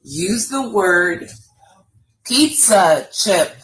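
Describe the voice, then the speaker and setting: A woman's voice: medium pitch, expressive, extremely slow, a bit bright, slight background noise, rough recording. A woman co-hosting a live chat show, running a word game in a dry, unimpressed way. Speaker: podcast co-host.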